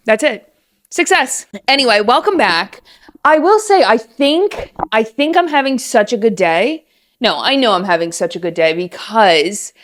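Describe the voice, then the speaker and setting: A woman in her late twenties hosting her own podcast from home, chatting in a rambling, animated, casual way. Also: mid-range voice. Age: late 20s. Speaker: podcast host. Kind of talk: casual solo podcast chat. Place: room at home. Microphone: set-up podcast mic at home.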